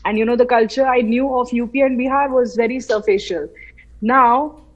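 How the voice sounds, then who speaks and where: A woman from central India speaks as an interview guest on a remote call, her voice sitting a little high. She tells her story with lively animation and acts out the voices she remembers. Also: brisk, lo-fi sound. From Madhya Pradesh, India. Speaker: guest, film artist. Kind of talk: casual interview. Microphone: remote call from her home city.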